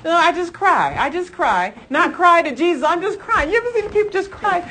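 A woman preaching a sermon in a lively, chatty way, often laughing and calling her listeners folks and honey. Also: extremely high pitch, brisk, slight background noise.

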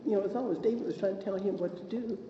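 A woman sharing a personal faith story in conversation, halting with restarts. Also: mid-range voice, mellow. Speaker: co-host or guest. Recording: dull, roomy lo-fi with faint hiss.

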